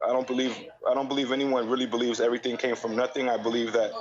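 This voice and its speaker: A man who preaches on the street, telling his story in an interview in a quick, informal way with lots of fillers. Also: mid-range voice, level tone, lo-fi sound, crowd noise. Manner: rapid, informal, many fillers. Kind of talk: casual interview chat.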